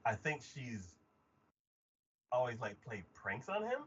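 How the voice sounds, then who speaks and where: A man's voice: medium pitch, very animated, takes it slowly, slight background noise. A man co-hosting a casual anime discussion podcast, talking with many fillers and acting out scenes in exaggerated voices. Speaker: podcast co-host. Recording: dull lo-fi podcast audio.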